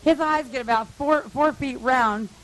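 A woman telling a long, lively, profane anecdote to a group, laughing often. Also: high voice, measured pace, poor audio. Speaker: storyteller at a meeting. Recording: hissy old tape recording.

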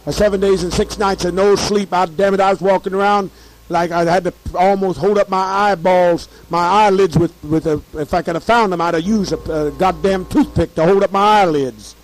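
A hoarse man telling a story in a fiery, profane monologue, repeating himself as he works up to shouting. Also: high voice, fairly even intonation, brisk, low-quality recording.

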